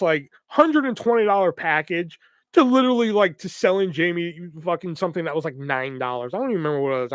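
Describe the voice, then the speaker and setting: A young man telling a long, profane, rambling story on his podcast, acting out the people in it with quick voices. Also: fairly high pitch, no room sound. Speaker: podcast host. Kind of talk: casual storytelling.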